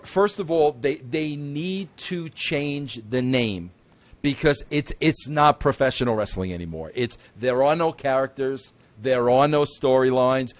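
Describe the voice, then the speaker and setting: A man hosting an interview, talking in an emphatic, repetitive way that climbs into excited outbursts. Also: medium pitch. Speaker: interview host. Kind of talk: opinionated wrestling talk.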